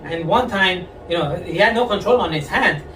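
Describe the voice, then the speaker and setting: A man doing a stand-up comedy set on a club stage, telling jokes in a deadpan way and pitching his voice up when he quotes people. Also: moderate pace. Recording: echoey club audio from far off, with crowd. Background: audience laughter and room noise.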